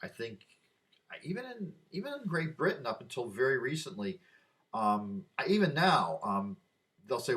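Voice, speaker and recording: An older man with a fairly low voice talks through a wandering vlog monologue. He gets sidetracked by asides, then turns emphatic and insistent once he is back on his argument. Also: very animated, normal speed, a bit bright. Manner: easily distracted, wandering asides. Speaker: vlogger. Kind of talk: rambling opinion monologue.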